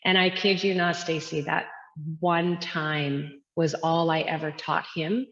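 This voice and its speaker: Brief: woman, 30s, yoga teacher guest, low voice, earnest, reflective, long echo, dull lo-fi audio. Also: flat delivery, a little slow. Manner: earnest, reflective, with frequent fillers. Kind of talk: casual interview talk. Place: her yoga studio. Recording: dull lo-fi sound with long echoey reverb.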